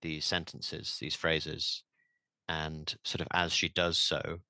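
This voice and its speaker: A man playing in a tabletop game, describing his character in a halting way with fillers. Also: extremely low pitch, completely flat delivery, bright, forceful tone, dry recording. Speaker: player.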